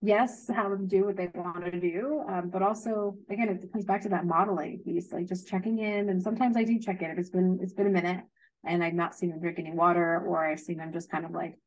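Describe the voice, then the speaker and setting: A woman who teaches young children, giving advice in a thoughtful, gentle way. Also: on the low side, steady tone, fairly quick, poor audio. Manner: thoughtful, gentle, hedging with fillers. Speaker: early childhood educator. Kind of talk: casual advice chat.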